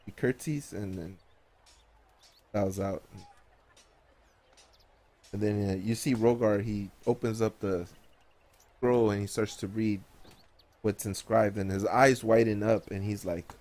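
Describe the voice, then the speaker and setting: A man with a fairly low voice runs a tabletop game as its game master. His narration is casual and meandering. He wanders through the scene in an easygoing way. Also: steady tone, takes it slowly, pauses often, darkish tone.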